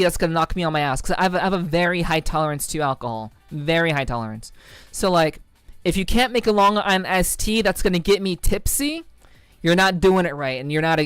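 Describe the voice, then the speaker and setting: A woman's voice: lowish voice, clear, resonant tone, no room sound. A woman streamer from New Jersey chatting casually with viewers, rambling, repeating herself and swearing cheerfully. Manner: rambling, stammering restarts, cheerfully profane. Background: faint music.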